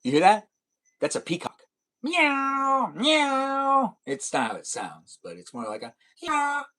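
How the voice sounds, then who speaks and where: A man's voice: mid-range voice, wildly swooping pitch, moderate pace. A young man live-streaming a racing game, chatting casually and playfully with viewers and slipping into silly sing-song noises.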